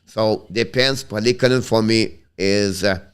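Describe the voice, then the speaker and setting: A man with a Quebec French accent who hosts a casual live stream about hockey. He answers viewers in a halting way, restarts his sentences often and switches between English and French. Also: on the low side, clear, resonant tone.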